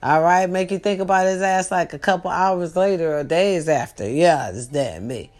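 A woman's voice: on the low side, normal speed, a little mellow. A young woman hosting a loose, casual night talk for her viewers, teasing and streetwise in her delivery.

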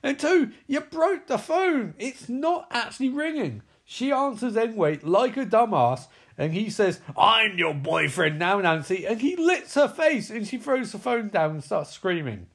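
A man's voice: very high-pitched, big pitch swings, unhurried, hardly any pauses, slightly rough. A man giving a comedic film recap, sarcastic, incredulous and full of swearing. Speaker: movie recap commentator.

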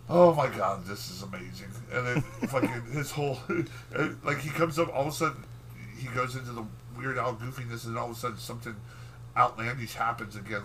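A man's voice: mid-range voice, pushed and bright, a little hiss or hum, rough recording. A man co-hosting a podcast, rambling through a profane, filler-heavy recap in casual chat. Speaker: podcast co-host.

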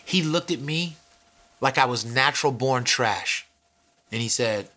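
A man telling a comic story, animated and acting out each character's voice. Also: medium pitch, measured pace. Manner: animated, acts out every character.

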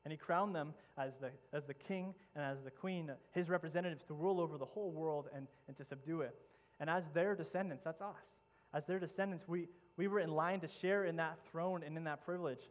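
A man's voice: a little high, fairly quick, few pauses, poor audio. A male pastor preaching a sermon, retelling a story dramatically with frequent repeats and restarts.

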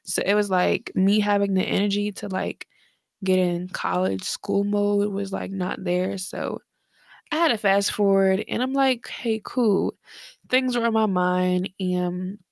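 A woman's voice: mid-range voice, fairly even intonation, unhurried, gravelly, no room sound, studio quality. A tired, slightly breathless young woman hosting her podcast late at night from her bedroom, chatting casually in a rambling, slangy way with lots of fillers. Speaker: podcast host. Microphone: headphones and desk mic.

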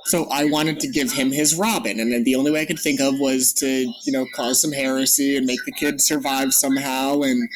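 A man's voice: medium pitch, fairly even intonation, brisk, hardly any pauses, a little hiss or hum. A man telling a story in a casual group chat.

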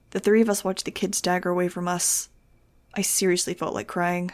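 A woman reading a novel aloud in an expressive, wry first-person narrating voice. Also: lowish voice, a little fast. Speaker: audiobook reader.

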